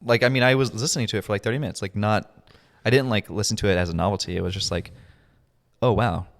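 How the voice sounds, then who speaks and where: Gravelly low-voiced man chatting on a podcast. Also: very fast, long reverb tail. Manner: rambling, filler-heavy, self-deprecating. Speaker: podcast co-host. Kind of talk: casual chat.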